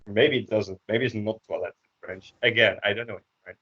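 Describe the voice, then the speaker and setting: A Dutch man teaching a language class online, explaining slowly with many hesitations. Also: fairly low pitch, steady tone, bright, forceful tone, slightly rough. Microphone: computer microphone on a video call. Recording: dull lo-fi call audio.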